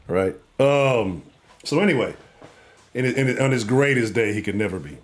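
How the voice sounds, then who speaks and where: A man hosting a live sports talk show, ranting in a profane, animated way and swinging between loud outbursts and low mutters. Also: moderate pace. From Houston.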